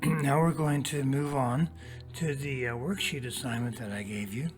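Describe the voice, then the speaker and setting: Over soft background music, a teacher with a medium-pitched voice reads a passage from a storybook aloud. She then guides her young listeners through a worksheet one step at a time, speaking slowly and deliberately and addressing them directly.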